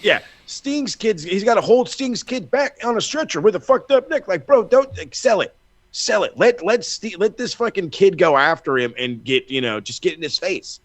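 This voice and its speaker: A man co-hosting a wrestling podcast in casual chat, telling stories in an animated, profane way with lots of restarts. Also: sits high, normal speed, few pauses, dry recording. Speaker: podcast co-host.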